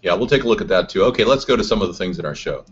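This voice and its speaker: A man's voice: deep voice, expressive, racing, slightly rough. Combative man hosting a live chat show. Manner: reads and answers chat, combative. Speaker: host. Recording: dull lo-fi stream audio.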